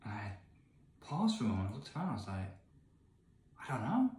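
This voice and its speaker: An English man in his thirties, ranting in disbelief to the camera, swinging between loud outbursts and muttered asides. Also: on the low side, big pitch swings, fast, reverberant, slight background noise. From England. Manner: incredulous, ranting, swings from shouting to mumbling. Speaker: vlogger reading a gamebook. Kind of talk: exasperated rant to camera. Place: indoor room with candles, away from home.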